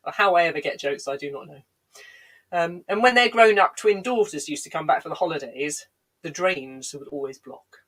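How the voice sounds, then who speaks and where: On a home livestream, a woman comedian tells rambling, digressive stories peppered with dry, self-deprecating asides. Her lowish voice is a bit bright, she sounds a little congested with a lingering cough, and the recording is low quality.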